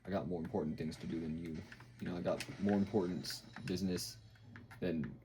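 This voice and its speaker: A man voicing a cruel, smug monstrous male villain in a slow, taunting way. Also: deep voice, steady tone, noisy background, natural voice. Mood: dismissive.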